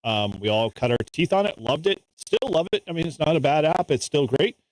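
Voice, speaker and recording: Relaxed, chatty podcast host, dry sound. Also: male voice, fairly high pitch, a little fast, no room sound, low-quality recording. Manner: relaxed, laughs often, many fillers. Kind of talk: casual chat.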